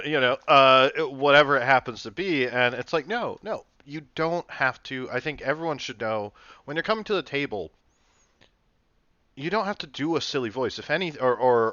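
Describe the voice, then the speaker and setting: A man's voice: medium pitch, pushed and bright, no echo. A man hosting a casual panel discussion about tabletop role-playing, rambling with many fillers and restarts. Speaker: podcast host and dungeon master. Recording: dull dry lo-fi sound.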